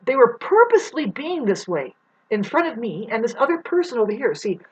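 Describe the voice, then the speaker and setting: A woman's voice: on the high side, very animated, fairly quick, breathy edge, rough recording. A woman telling a rambling story in a casual monologue, swearing and acting out the people she describes. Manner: rambling, swears, acts out the people in her story with big voice swings.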